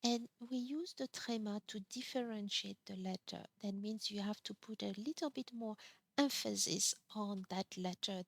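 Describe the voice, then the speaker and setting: A woman with a French accent teaching a French lesson, slowly repeating each example word with care. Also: mid-range voice, gravelly, dry recording. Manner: slow, careful, repeats example words. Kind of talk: classroom lesson.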